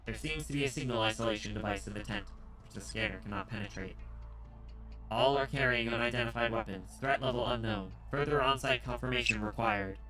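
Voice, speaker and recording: A man voicing a terse male tactical engineer, reading a game story aloud in a flat, clipped, mechanical delivery. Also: medium pitch, brisk, over music, lightly acted, low-quality recording. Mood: clipped report.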